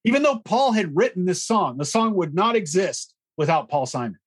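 A man's voice: high voice, sing-song, moderate pace, slightly rough. A man co-hosting a music podcast, talking casually and frankly, with plenty of fillers and blunt opinions. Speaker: podcast co-host. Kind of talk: casual chat about music history.

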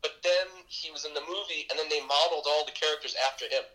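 A man's voice: on the high side, fairly even intonation, quick pace, sharp tone, low-quality recording. A man co-hosting a casual film chat, wry and offhand. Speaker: podcast co-host.

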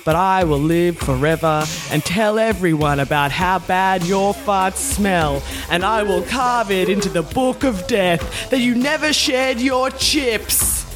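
A man doing a melodramatic slam poet. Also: sits high. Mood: dramatic. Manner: slow dramatic declaiming over music. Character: overwrought spoken-word poet, male, vengeful. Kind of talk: comic slam poetry. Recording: music behind.

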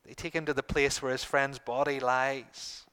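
A middle-aged man preaching a sermon to his congregation, earnest, repeating phrases and pausing for emphasis. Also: mid-range voice, level tone, bright, forceful tone, clear, resonant tone. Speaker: pastor.

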